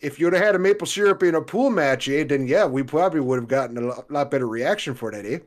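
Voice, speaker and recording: A man's voice: on the high side, quick pace, close to an everyday voice. A man voicing a blustery Canadian wrestling heel in a put-on Canadian accent, ending his lines with "eh". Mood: mocking. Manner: blustery, tacks "eh" onto every line.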